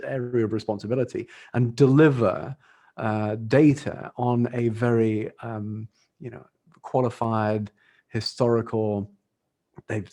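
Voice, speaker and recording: A man's voice: medium pitch, mellow. A middle-aged man with an English accent, a dating industry expert talking casually as a podcast guest, laughing often and restarting phrases. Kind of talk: casual interview talk.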